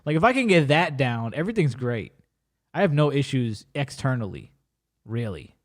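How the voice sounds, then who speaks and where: A man's voice: medium pitch, moderate pace. A man hosting a podcast, chatting casually and telling stories in slang, often breaking off and restarting mid-sentence. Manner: animated storyteller with slang and frequent self-interruptions. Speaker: podcast host.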